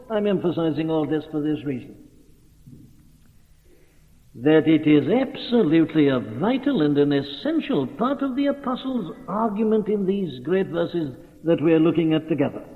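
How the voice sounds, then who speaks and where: Man preaching, lively pitch, tinny hall recording. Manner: earnest, emphatic, rising on key phrases. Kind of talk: sermon.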